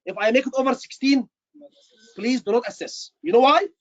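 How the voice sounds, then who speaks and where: During an online session preparing students for a medical exam, a man with a very high voice speaks fairly quickly and with emphasis, repeating himself and frequently calling people "brother." The audio is muffled but free of echo.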